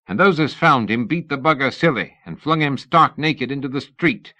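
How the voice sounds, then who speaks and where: A man's voice: mid-range voice, expressive, moderate pace, pushed and bright, dry recording, voice pushed up. A man reading an insolent, crude male agent who coughs.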